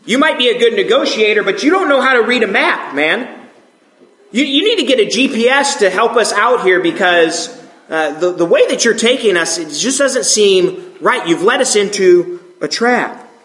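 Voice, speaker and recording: A man's voice: sits high, animated, normal speed, a bit bright, reverberant, pitched above the performer's own voice. A man voicing a fretful male Israelite wanderer who complains to his leader in slangy, sarcastic talk. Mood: complaining.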